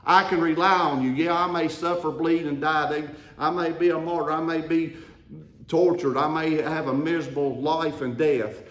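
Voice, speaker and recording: Preacher in a roomy church. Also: male voice, on the high side, steady tone, normal speed. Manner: call-and-response preaching, rising to emphatic declarations. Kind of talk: sermon. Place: church sanctuary.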